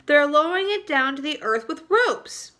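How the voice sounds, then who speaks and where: A woman's voice: high-pitched, expressive, moderate pace, bright, forceful tone, voice pushed up. A woman playing an eager young boy. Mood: alarmed. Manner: eager and urgent. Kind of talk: storybook read-aloud.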